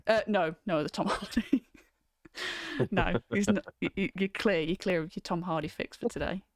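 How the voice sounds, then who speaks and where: A woman's voice: on the low side, normal speed, no room sound. Brief: woman, stream host, chatty and loose, dry close sound. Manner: chatty, reads out viewer comments, frequent ums. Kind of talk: casual chat on a livestream.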